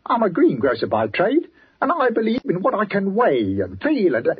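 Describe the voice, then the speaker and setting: A man playing an older working-class greengrocer with a raspy voice, deferential and folksy, in 1940s radio acting. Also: high-pitched, wildly swooping pitch, normal speed, full character voice. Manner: folksy, deferential, drops his g's. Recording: lo-fi old radio recording.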